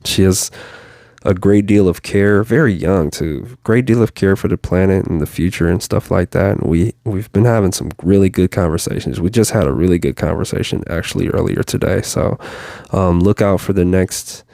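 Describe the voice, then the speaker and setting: A man's voice: sits low, moderate pace, creaky, dark tone, no echo, clean studio sound. A man hosting a motivational show, talking casually and encouragingly to his viewers, repeating himself and calling them y'all. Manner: casual, repetitive, encouraging, addresses listeners as y'all.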